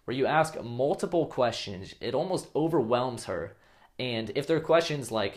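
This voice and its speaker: A man's voice: mid-range voice, lively intonation, moderate pace. Blunt man giving dating advice. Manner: blunt, swears casually, acts out example lines. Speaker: dating coach. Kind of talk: casual advice vlog.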